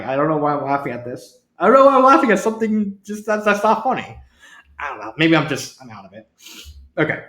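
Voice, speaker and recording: A man's voice: a little high, sing-song, fairly quick, sharp tone. A man reading fanfiction aloud, often breaking off to comment, stumbling over words and giggling at the text. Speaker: fanfiction reader. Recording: roomy echo.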